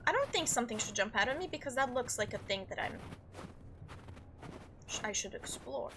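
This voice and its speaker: A woman's voice: a little high, expressive, a little fast, pauses often, pushed and bright, slight background noise. A woman hosting a let's-play, giving nervous, jumpy commentary and talking back to the game. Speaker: gaming video host.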